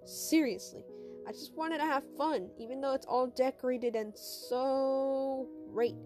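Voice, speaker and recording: A woman's voice: high voice, a little slow, over music. A woman voicing an emotional girl who gets exasperated and whiny when upset.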